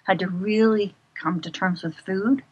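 A middle-aged woman talking in a casual interview, an animated and expressive storyteller. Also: mid-range voice, measured pace, breathy edge, no echo, dull audio. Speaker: guest.

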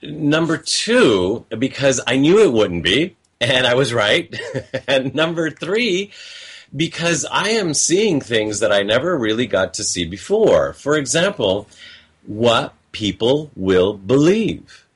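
A man's voice: medium pitch, very animated, takes it slowly, husky. A man speaking in a personal reflective monologue, telling stories of calls he got and quoting the callers. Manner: conversational, storytelling with quoted callers, chuckles often.

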